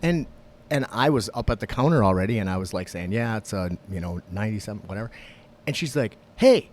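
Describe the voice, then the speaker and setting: A man co-hosting a podcast, telling stories in casual, profane, animated chat. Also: lowish voice, quick pace, slight background noise. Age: young adult. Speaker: podcast co-host.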